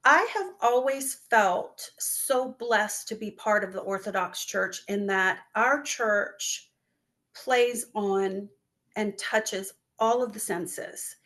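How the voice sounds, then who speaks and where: A woman who founded a relief charity, answering interview questions in an earnest, heartfelt way and acting out the words of people she quotes. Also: on the high side. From northwest North Carolina. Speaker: guest, business owner and charity founder. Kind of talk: interview answers, personal storytelling.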